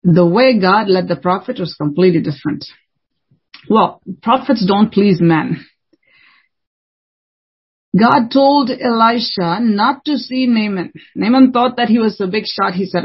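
A woman's voice: medium pitch, measured pace, husky, muffled recording. A woman preaching a sermon in an earnest way, repeating phrases for emphasis.

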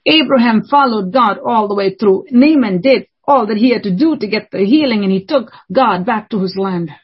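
A woman's voice: mid-range voice, normal speed, slightly rough, highs cut off. A woman preaching a fervent, scolding sermon, repeating lines for emphasis.

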